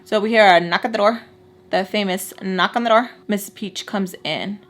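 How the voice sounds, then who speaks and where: Animated, blunt woman telling a story. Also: mid-range voice, moderate pace. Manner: animated, blunt, swears, mixes in Spanish words. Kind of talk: casual storytime chat.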